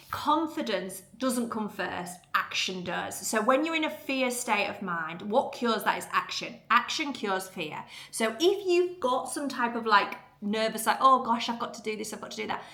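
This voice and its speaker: A woman's voice: a little high, sharp tone. A woman, giving an earnest, chatty motivational talk as a podcast host. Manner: chatty, earnest, lots of fillers.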